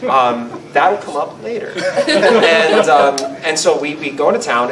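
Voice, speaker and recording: A man on a convention panel, telling a funny role-play story in a casual, animated way. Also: moderate pace, roomy sound, recorded from a distance, slight background noise, poor audio. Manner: animated, laughing, squeaky voice bursts.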